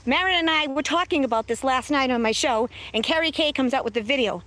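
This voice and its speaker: A high-pitched woman chatting brashly on a livestream, filmed outdoors on a phone. She mocks her viewers, swears freely and laughs a lot. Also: quick pace, fairly bright tone. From south of Boston, USA. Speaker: livestream host. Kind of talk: casual livestream chat. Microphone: phone camera.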